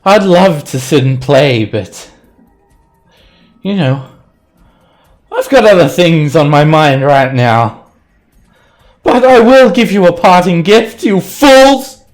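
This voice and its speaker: A man's voice: a little high, lively intonation, takes it slowly, long pauses, soft background music, voice pushed up. Man voicing a taunting sorceress villain. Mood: mocking. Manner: mocking and taunting. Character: scornful female sorceress villain.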